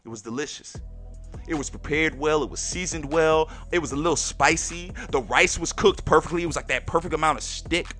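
A man hosting a podcast and telling a personal story in a lively, slangy way, talking straight to his listeners. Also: fairly high pitch, fairly quick, faint music behind. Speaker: podcast host.

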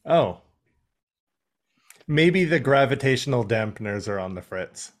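A man's voice: medium pitch, lively intonation, a little slow. A man co-hosting a podcast, musing on story details with wry asides. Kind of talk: casual chat.

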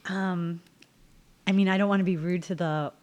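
A woman's voice: fairly low pitch, fairly even intonation, normal speed, a little mellow. A woman improvising a scene at a bar, easygoing and playfully teasing. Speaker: improv performer.

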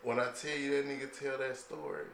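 A man's voice: medium pitch, level tone, brisk, creaky, crowd noise. A man telling a family story in casual, profane chat, laid-back and full of slang. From Louisiana. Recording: echoey room with faint background noise.

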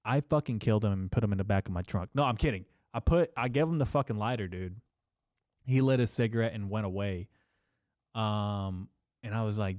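A man's voice: lowish voice, normal speed, a little mellow, dry recording, clean studio sound. A man hosting a podcast, talking in a loose, profane, jokey comic monologue full of fillers. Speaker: podcast host.

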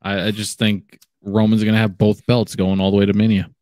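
A man's voice: on the low side, little pitch movement, brisk, a little mellow, dry recording, studio quality. A man guest-hosting a casual podcast over a video call, giggling and swearing as he talks. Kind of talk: casual chat.

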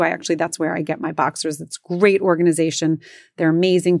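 A woman's voice: lowish voice, no room sound, clean studio sound. A woman in her forties casually telling a self-mocking story, acting out what everyone said. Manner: chatty, self-mocking, acts out quotes. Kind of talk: casual anecdote.

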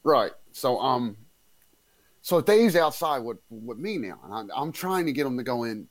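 A man tells a story in an easy, rambling way, often stopping and starting over mid-sentence. His voice is at an ordinary middle pitch. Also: no room sound. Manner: relaxed, rambling, halting restarts. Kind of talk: casual storytelling chat.

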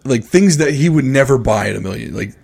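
A man on a podcast telling a rambling, animated story in casual chat. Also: medium pitch, fairly quick, gravelly, slightly rough. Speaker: podcast co-host.

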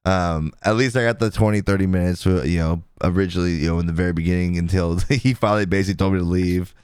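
Male podcast co-host, 30s, low and smooth, rambling storyteller who laughs a lot. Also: steady tone, fast, darkish tone, dry recording, clean studio sound. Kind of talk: casual chat.

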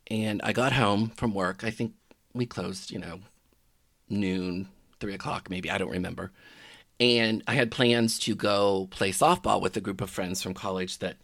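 A middle-aged man telling a personal story in a halting, reflective way that often trails off quietly. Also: on the low side, steady tone, creaky, dry recording, clean studio sound. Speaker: podcaster telling his own story.

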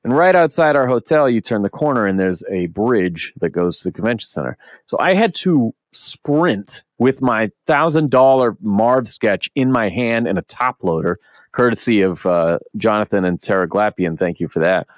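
A young man co-hosting a podcast, telling a story in casual chat, animated and swearing a lot as he acts out what people said. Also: on the low side, normal speed, no room sound. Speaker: podcast co-host.

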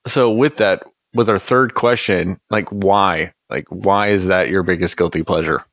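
A man hosting a podcast, asking questions in a relaxed, conversational way. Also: deep voice, a little slow. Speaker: podcast host. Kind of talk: casual chat.

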